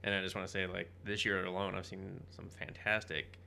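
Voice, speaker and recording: A man with a low, gravelly voice and a bright, forceful edge rambles through casual chat on a podcast. He is profane and jokey, slipping into mock voices, with a faint hum behind him. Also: level tone, brisk. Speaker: podcast co-host. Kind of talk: casual comic book chat.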